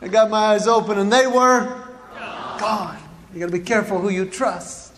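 A man's voice: sits high, normal speed, long reverb tail, noisy background. A man giving a humorous faith talk, telling a story and acting out his own panic with sudden yelps. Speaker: Christian comedic speaker.

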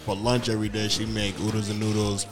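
Low-voiced laid-back man. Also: monotone, fast talker, music in the background. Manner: laid-back, profane storytelling. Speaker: podcast co-host. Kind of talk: casual chat.

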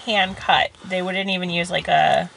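A woman's voice: on the low side, fairly even intonation, moderate pace, gravelly, a bit bright, a little hiss or hum, low-quality recording. A woman chatting on a podcast with her husband, dryly correcting his stories. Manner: dry, skeptical, correcting. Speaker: guest, host's wife. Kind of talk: casual podcast chat.

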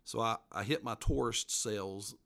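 A man's voice: on the low side, moderate pace, gravelly, pushed and bright. Folksy man telling stories. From western North Carolina mountains. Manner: folksy, rambling, laughs at his own stories. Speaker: local history author interviewed as guest. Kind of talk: casual storytelling interview.

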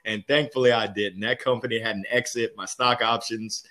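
A man's voice: lowish voice, fairly even intonation, normal speed, sharp tone. A man being interviewed as a guest on a sales podcast, telling candid, upbeat stories about his career. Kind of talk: casual interview storytelling.

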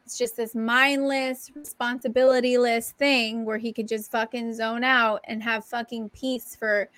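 A woman's voice: on the high side, little pitch movement, unhurried, fairly bright tone. A young adult woman co-hosting a podcast, telling stories in a casual, profane, emphatic way. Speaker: podcast co-host. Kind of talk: casual chat.

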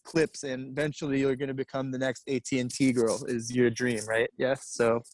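A man hosting a comedy podcast, dropping deadpan interjections. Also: medium pitch, moderate pace, no echo. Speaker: podcast host. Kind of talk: casual comedic chat.

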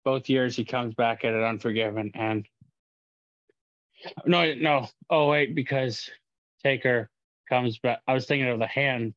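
A man co-hosting a casual podcast chat, excitable and joking, jumping in often with wrestling talk. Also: mid-range voice, unhurried, pauses often, no room sound, lo-fi sound. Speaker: podcast co-host.

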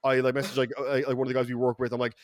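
A man with an Irish accent telling a story on a podcast in a lively, profane way, acting out the people he quotes. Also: mid-range voice, racing. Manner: animated, profane, quotes people in mock voices. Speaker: podcast regular. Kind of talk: casual storytelling. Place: podcast studio.

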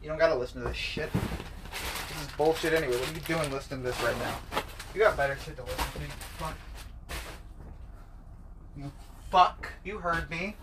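A man's voice: a little high, normal speed, long pauses. A young man hosting a casual solo podcast from inside a delivery truck, rambling and cursing as he works. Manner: rambling, profane, talks to himself while working. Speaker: podcast host. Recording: noisy truck cab recording. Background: wind and banging packages.

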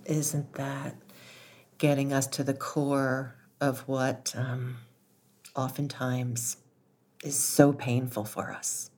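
A woman's voice: a bass voice, level tone, slow pace, warm tone. A woman hosting an interview, responding in an engaged, musing way. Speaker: host. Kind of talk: interview conversation.

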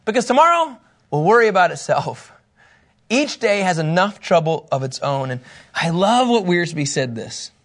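A pastor with a notably high voice preaches a sermon at normal speed. His teaching is emphatic and animated, and he acts out the quotes he reads.

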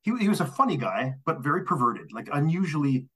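Man, husky voice, casual podcast storytelling, animated, acts out voices, laughs a lot. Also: a little high, a little fast. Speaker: storyteller guest.

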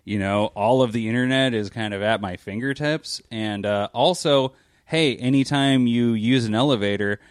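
A man's voice: mid-range voice, normal speed, clear, resonant tone, no room sound, studio quality. Joking man chatting from home. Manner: joking, rambling, laughs often. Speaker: podcast co-host. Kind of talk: casual chat.

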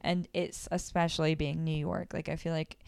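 A woman's voice: low voice, flat delivery, moderate pace, creaky, darkish tone, clean tone, no echo. A young woman from Florida, co-hosting a podcast in casual chat, with a wry, joking manner. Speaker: podcast co-host.

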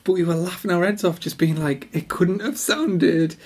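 A man's voice: sits high, moderate pace, a little mellow, slightly rough. A man co-hosting a podcast, chatting casually, telling rambling stories and reading listener emails. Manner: rambling storyteller, laughs at own stories. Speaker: podcast co-host.

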